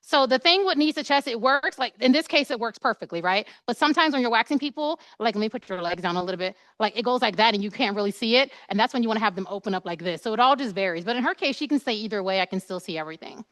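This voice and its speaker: A woman's voice: on the high side, animated, fast talker, hardly any pauses, fairly bright tone, no echo. A woman esthetician in her thirties giving a chatty, playful live waxing demonstration, acting out quoted dialogue as she works.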